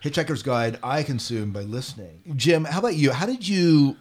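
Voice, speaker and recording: A man's voice: medium pitch, expressive, normal speed. Joking guy running a book podcast, ribs his friends, asks what they thought. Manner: playful, teasing, asks questions. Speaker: podcast co-host. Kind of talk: casual book-club chat.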